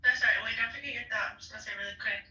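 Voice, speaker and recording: Fast-talking, bright-voiced woman co-host. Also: on the high side, steady tone. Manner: quick, chatty, with fillers. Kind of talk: casual chat. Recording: roomy, distant sound.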